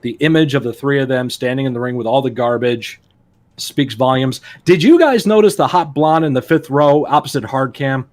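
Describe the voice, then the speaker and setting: A man's voice: medium pitch, normal speed. A man co-hosting a wrestling podcast, telling stories in a casual chat, laughing often and acting out quotes. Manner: animated storyteller, laughs often, acts out quotes. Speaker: podcast co-host.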